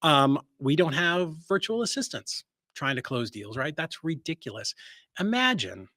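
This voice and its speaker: A man speaking as a guest in a casual interview, blunt and self-assured, acting out quoted voices with sudden jumps in pitch. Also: moderate pace, no room sound. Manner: energetic, acts out quoted voices with sharp rises. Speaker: real estate investor and guest.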